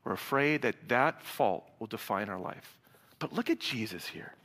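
Bright-voiced man preaching in a hall. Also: fairly low pitch, moderate pace. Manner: animated, acts out dialogue, swings from loud to hushed. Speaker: pastor. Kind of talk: sermon. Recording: reverberant hall sound.

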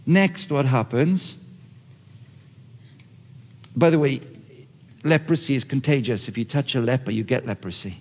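A man preaching a lively, conversational sermon, often acting out what people say. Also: medium pitch, unhurried, long pauses, breathy edge. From Australia or Britain, not the audience's country. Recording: long reverb of a large hall.

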